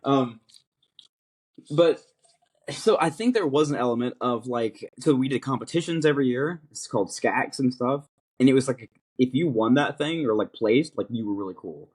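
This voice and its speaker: A man's voice: medium pitch, expressive, moderate pace, darkish tone, husky. A young man hosting a podcast, chatting casually and thinking aloud with many fillers and restarts. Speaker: podcast host. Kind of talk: casual chat.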